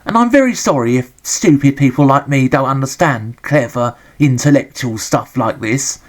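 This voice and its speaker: A man's voice: medium pitch, expressive, moderate pace, few pauses. An English man giving a sarcastic, grumbling, joke-filled running commentary as he reviews a retro game.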